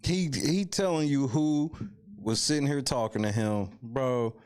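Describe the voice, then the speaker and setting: A man's voice: mid-range voice, measured pace, darkish tone, clean tone. A man hosting reaction commentary, sounding incredulous and full of questions.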